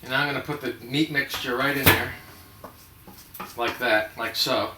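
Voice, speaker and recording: A man's voice: medium pitch, fairly even intonation, unhurried, echoey room, recorded from a distance, background noise. A man hosting a comedic cooking demonstration in his kitchen, full of joking asides. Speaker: cooking show host. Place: home kitchen.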